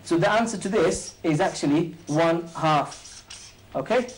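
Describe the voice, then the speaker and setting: A man teaching maths in a chatty, jokey way, firing quick questions at a small group of students and walking them through each step on a board. His voice sits a little high for a man. A faint hum of noise runs under the room. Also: low-quality recording. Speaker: maths teacher and show host. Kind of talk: informal maths lesson with students.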